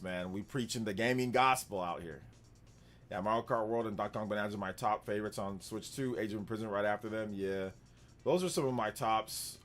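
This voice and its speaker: A man with a fairly low voice hosts a gaming live stream in a loose, rambling way, reacting to viewers as he goes. Faint music plays quietly behind him. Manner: relaxed, rambling, answers chat and laughs often. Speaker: gaming livestream host. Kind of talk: casual live-stream chat.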